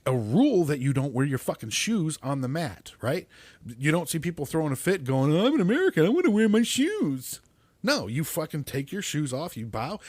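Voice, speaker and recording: A middle-aged podcast host rants with constant swearing, tripping over his words when he gets worked up. His voice sits at an ordinary middle pitch. The recording is dry and close, with no room sound. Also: darkish tone, dry recording. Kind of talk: profane ranting monologue.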